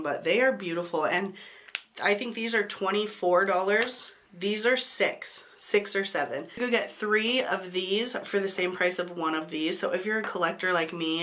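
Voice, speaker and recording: A woman's voice: on the low side, a bit bright. A woman reviewing makeup to camera in a chatty, enthusiastic way, her voice sick from a cold. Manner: chatty and enthusiastic, apologetic asides. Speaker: beauty YouTuber. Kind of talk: casual to-camera product review.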